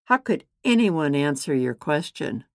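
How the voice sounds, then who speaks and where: A woman's voice: low-pitched, sing-song, a little slow, no echo, clean studio sound, exaggerated voice. A woman voicing a puzzled, protective male disciple in a Bible storybook reading, sounding incredulous.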